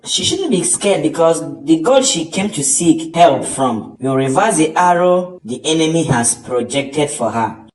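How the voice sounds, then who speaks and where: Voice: mid-range voice, expressive, unhurried, hardly any pauses, a little mellow, a little hiss or hum, natural voice. A voice actor playing a solemn church pastor in a cartoon, speaking. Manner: solemn, preachy. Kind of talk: cartoon voice acting. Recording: roomy, distant mic.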